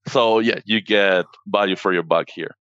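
Low-voiced man from Argentina. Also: moderate pace, a bit bright, no echo, highs cut off. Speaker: podcast guest, business partner. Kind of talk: casual conversation.

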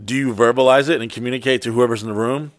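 A man's voice: mid-range voice, fast, no room sound. A middle-aged man in loose, crude conversation, rambling from story to story and swearing freely. His voice sits mid-range, recorded dry and close with no room sound. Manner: profane, rambling, animated storytelling. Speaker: podcast co-host. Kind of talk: crude casual chat.

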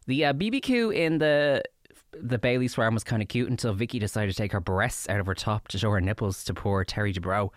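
A man's voice: lowish voice, lively intonation, brisk, no echo, clean studio sound. An Irish man doing a chatty, catty and mocking podcast recap segment. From Ireland. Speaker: guest segment contributor.

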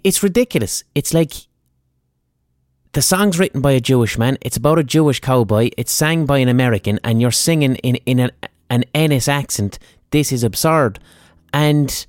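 A man's voice: on the high side, darkish tone, no room sound. Male podcast host, casual, profane, dry close mic. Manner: swearing, exasperated rambling. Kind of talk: casual monologue on music history.

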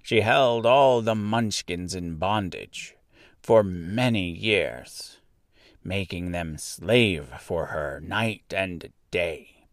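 A man voicing a kindly little old good witch who speaks calmly in a storybook reading. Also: low-pitched, extremely slow, no room sound, studio quality, heavily acted. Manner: calm, gently laughing.

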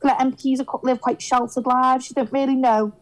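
A young woman from Liverpool with a Scouse accent, chatting on a podcast as a guest and telling lively stories where she acts out what people said. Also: high-pitched, a little fast, rough recording. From Liverpool, England. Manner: animated storyteller, acts out quotes. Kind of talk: casual chat.

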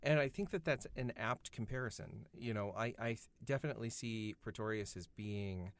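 A man with a fairly low voice talks through a film's hidden themes in a relaxed podcast chat. He is thoughtful and explanatory, building his points step by step. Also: moderate pace. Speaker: podcast co-host. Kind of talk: casual film discussion.

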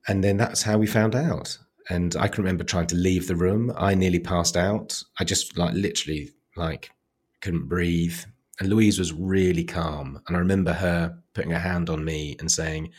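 A man telling a personal story of loss in a podcast interview, reflective and quiet, often halting as he recalls hard moments. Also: deep voice, fairly even intonation. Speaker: guest.

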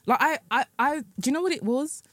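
A woman's voice: high-pitched, brisk, no room sound, studio quality. A woman guesting on a podcast, laid-back and blunt in casual chat.

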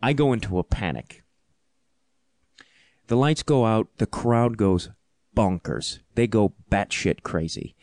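A man hosting a podcast, telling a comic story in an animated, self-deprecating way, laughing often. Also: on the low side, takes it slowly, long pauses, no room sound, clean studio sound. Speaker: podcast host and comedian.

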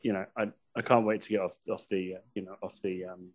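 A man's voice: low voice, flat delivery, fast, husky. A man with a Cockney accent, a guest on a casual podcast, sweary and self-mocking as he jokes.

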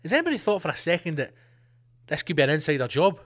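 A man's voice: on the high side, big pitch swings, fast, a bit bright. A man hosting a podcast, ranting in a sweary, sarcastic comic monologue and slipping into mock voices. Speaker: podcast host.

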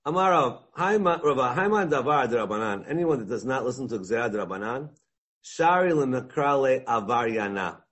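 A man leads a Talmud lesson, moving between English and Hebrew and Aramaic quotes. His voice sits at an everyday middle pitch with a husky, slightly rough edge. He gets animated and plays out the voices in the text as he explains. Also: normal speed. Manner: animated, mixes Hebrew and Aramaic terms into English, acts out dialogue. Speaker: Talmud teacher. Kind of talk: Talmud class lecture.

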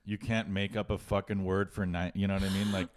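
A man's voice: sits low, level tone, fairly quick. A man co-hosting a podcast, ranting in casual comedic chat, swearing a lot and putting on mocking voices. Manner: profane, ranting, mock voices. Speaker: podcast co-host.

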